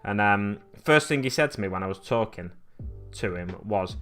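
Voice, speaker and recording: A man's voice: fairly low pitch, lively intonation, moderate pace, fairly bright tone, soft background music. Chatty man with a Lancashire accent. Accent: Lancashire English. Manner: rambling, chatty, self-correcting. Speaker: live-stream host painting miniatures. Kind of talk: casual live-stream chat.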